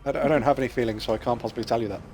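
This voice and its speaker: A man's voice: medium pitch, fairly even intonation, very fast, a little mellow, soft background music. British guy gaming with friends, dry jokey storyteller, mid voice. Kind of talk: casual gaming chat.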